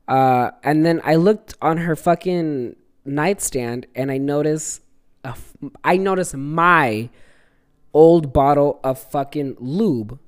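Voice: medium pitch, slow, clean tone. A young adult podcast co-host in a casual solo episode, rambling and swearing freely while telling a funny story. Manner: rambling, profane, laughing storyteller.

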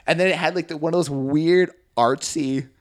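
A man's voice: on the high side, steady tone, moderate pace. A man co-hosting a casual podcast, telling a story animatedly with acted-out quotes and swearing. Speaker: podcast co-host. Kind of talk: casual chat.

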